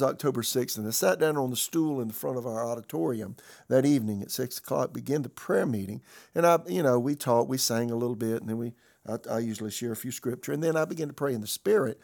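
A man's voice: mid-range voice, creaky, a little mellow. A man pastor teaching in a conversational sermon style, telling a personal story with many fillers and restarts.

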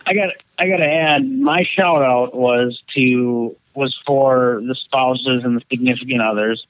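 A man's voice: medium pitch, fairly even intonation, unhurried, dry recording. A man with a mid-range voice chats in a laid-back way on a chat show. The recording sounds dull and lo-fi. It is close and dry. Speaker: podcast co-host. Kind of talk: casual chat.

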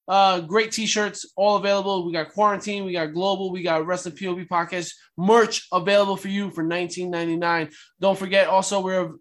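A man co-hosting a podcast, energetic and upbeat as he reads plugs in an announcer-like way. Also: sits high, fairly quick, few pauses. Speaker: podcast co-host. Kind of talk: casual podcast chat and ad reads.

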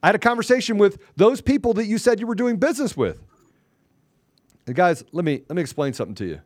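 Combative high-voiced man ranting. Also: big pitch swings, fast, no echo, studio quality. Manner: combative, confrontational, taunting; curses mildly, repeats phrases for emphasis. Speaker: podcast host. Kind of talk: heated podcast rant.

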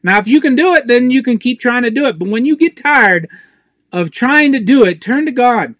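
Intense high-voiced man preaching. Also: expressive, normal speed, fairly bright tone, dry recording. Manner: intense, pleading, raw and emotional. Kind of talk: emotional sermon to camera.

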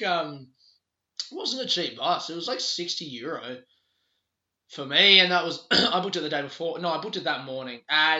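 With a fairly high, pushed and bright voice, a young Aussie man rambles through a story in his Australian accent. He laughs a lot and doesn't hold back on swearing. It's recorded in an echoey room with dull lo-fi quality.

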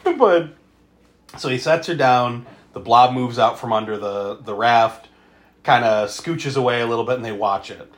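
A man's voice: mid-range voice, normal speed. A man co-hosting a podcast, recapping a movie in casual chat, laughing often, swearing freely and acting out the characters' lines. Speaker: podcast co-host.

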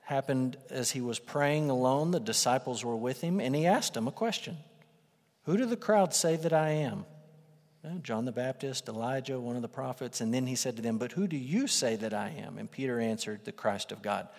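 A man preaching a sermon in a conversational, emphatic way, swelling into loud bursts for emphasis. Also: medium pitch, moderate pace. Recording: reverberant hall.

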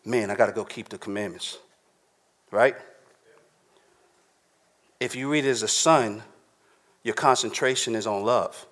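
A man's voice: lowish voice, a little slow, long pauses, fairly bright tone. A man preaching a sermon to a live congregation in a casual, slangy, conversational way, often checking in with his listeners.

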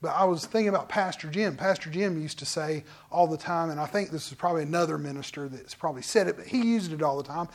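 A pastor preaching a midweek sermon in a conversational way, jumping from loud exclamations to soft, hushed asides. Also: mid-range voice, quick pace, hardly any pauses.

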